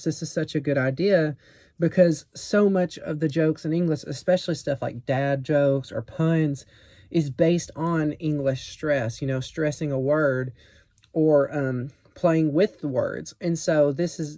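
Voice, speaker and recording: A man's voice: fairly high pitch, mellow, no echo, studio quality. A young man presenting a teaching plan for a class in a casual, explanatory way, with many fillers and restarts.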